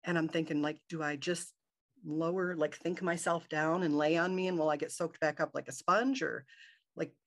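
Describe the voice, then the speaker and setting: Woman from michigan telling her story on a podcast, gravelly voice, acts out her thoughts as she goes. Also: sits low, moderate pace. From Michigan, USA. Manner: animated, acts out her own inner thoughts in quotes. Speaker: guest. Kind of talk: personal storytelling in a podcast interview.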